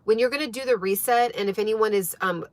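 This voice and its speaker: A woman's voice: mid-range voice, fast talker, dry recording. A woman hosting a casual livestream for her wellness channel, talking earnestly to viewers with lots of fillers and emphasis. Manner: earnest, emphatic, filler-heavy, often asks "right?".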